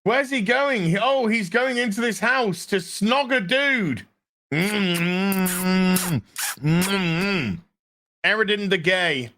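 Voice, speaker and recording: A man's voice: high voice, slow pace, bright, forceful tone. A man ranting sarcastically and with a lot of swearing while reviewing a show. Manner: sarcastic, profane.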